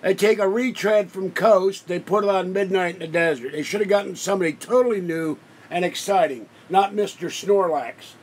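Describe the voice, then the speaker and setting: A man chatting on his own live stream, voice sitting a little high for a man. He rambles, grumbles and keeps cutting in on his guest. A faint hiss sits under the home recording. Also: moderate pace, few pauses, low-quality recording. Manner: rambling, complaining, talks over his guest. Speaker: livestream host. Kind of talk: casual live-stream chat.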